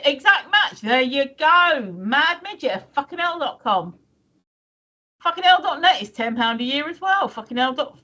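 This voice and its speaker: High, bright, sweary woman co-host. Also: very animated, moderate pace, muffled recording. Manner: chatty, sweary, teasing. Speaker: stream co-host. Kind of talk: casual live-stream chat.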